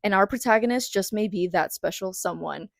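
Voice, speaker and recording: A woman's voice: medium pitch, fairly quick, gravelly, no room sound, clean studio sound. A young woman vlogger chatting casually about books, retelling stories with dramatic quoted reactions. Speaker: book vlogger. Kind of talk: casual chat.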